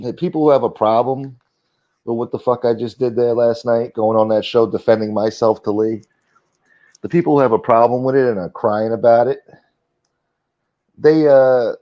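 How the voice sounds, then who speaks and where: A man hosting his own livestream, talking casually in a defensive, profane rant aimed at his critics. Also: medium pitch. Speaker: livestream host. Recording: dull lo-fi stream audio.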